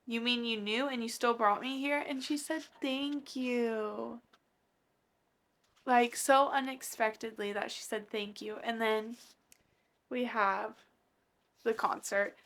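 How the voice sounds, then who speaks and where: A young woman in her twenties talks through a manga as a book vlogger, gushing and reacting with animated excitement. Her voice is bright and sits a little high. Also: slow pace, pauses often. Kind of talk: casual reading vlog.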